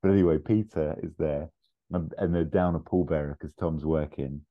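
A man co-hosting a podcast, chatting casually and retelling scenes in a rambling, animated way. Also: very deep voice, normal speed, phone-quality sound. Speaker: podcast co-host. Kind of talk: casual chat.

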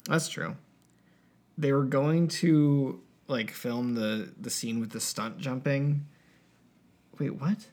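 A man's voice: medium pitch, slow, long pauses. Sleepy guy cohosting a podcast, rambly, says like a lot. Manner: lively, rambling, lots of fillers. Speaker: podcast co-host. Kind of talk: casual chat.

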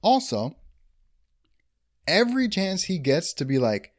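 A man gushing in a casual movie review chat, his pitch bouncing up and down as he talks. He is enthusiastic and leans on "like" and "dude" constantly. His voice is recorded close and dry. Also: very animated, unhurried, no echo. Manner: enthusiastic, heavy use of "like" and "dude". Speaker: podcast co-host.

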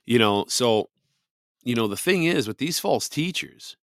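A man's voice: mid-range voice, expressive, unhurried, fairly bright tone, no echo, studio quality. A man hosting a podcast, giving casual Bible commentary in a conversational, emphatic way, often saying "you know". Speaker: podcast host.

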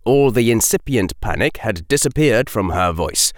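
A man with a very deep voice narrates an audiobook, lively and dramatic in his delivery. The recording is dry and close, with no room sound. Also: moderate pace, dry recording.

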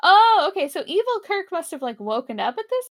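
A woman's voice: very high-pitched, big pitch swings, fairly quick. A young woman co-hosting a podcast, chatting casually and giggling as she recaps a TV episode. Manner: giggly, chatty, puts on silly voices for characters. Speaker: podcast co-host.

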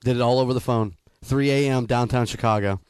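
A man's voice: mid-range voice, fairly quick, a little mellow, clear, resonant tone, no echo. Laid-back male radio host. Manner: rambling, many fillers, laughs. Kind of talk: casual radio chat.

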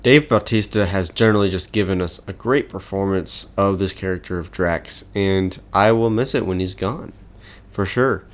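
Deep-voiced man chatting casually. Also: normal speed. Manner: enthusiastic, chuckles often, frequent fillers. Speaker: podcast host. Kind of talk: casual chat.

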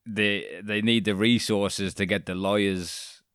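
A man's voice: fairly low pitch, steady tone, slow, fairly bright tone, clear, resonant tone, no echo, studio quality. A man co-hosting a casual podcast chat, joking and swearing freely as he rants. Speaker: podcast co-host.

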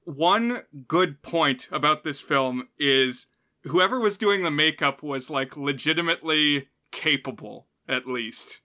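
Bright, chatty man reviewing a film. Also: fairly high pitch, animated, unhurried. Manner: chatty, laughs often between remarks. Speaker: podcast co-host. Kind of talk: casual film review chat.

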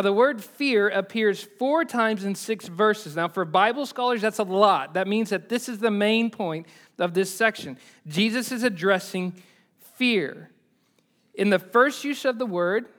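Man, pastor, sermon, high-pitched, emphatic, repeats key points, loud-to-quiet swings. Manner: dynamic preaching, swinging from loud emphatic peaks to quiet low asides.

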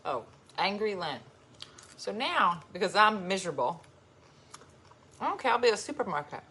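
A woman's voice: medium pitch, big pitch swings, moderate pace, bright, forceful tone, slightly rough. A woman vlogging at home in casual chat, rambling and playfully grumpy while sharing snacks with her dogs.

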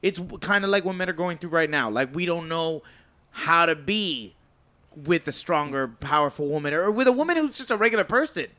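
Bright-voiced guy chatting, swears, jokes around a lot. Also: on the high side, a little fast. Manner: expressive, swears, jokey asides. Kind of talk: casual chat.

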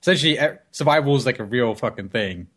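A man's voice: mid-range voice, expressive, fast, fairly bright tone. A man hosting a gaming podcast, musing casually and trailing off mid-thought.

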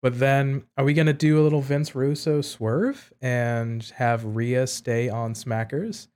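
A man with a mid-range voice talks through a casual podcast chat. He speaks in a measured way and thinks aloud as he goes. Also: mid-range voice, steady tone, a little mellow. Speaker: podcast co-host.

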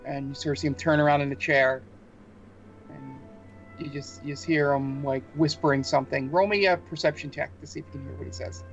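A man's voice: medium pitch, fairly even intonation, a little fast, gravelly. A man narrating a tabletop game as game master, hesitant with many fillers. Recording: dull muffled sound with faint music.

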